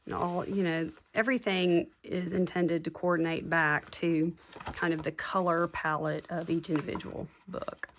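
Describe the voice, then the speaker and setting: A woman's voice: on the low side, steady tone, moderate pace, slight background noise. A woman chatting casually and gushing as she shows off handmade journals to her viewers. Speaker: craft seller showing handmade junk journals. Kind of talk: casual show-and-tell chat.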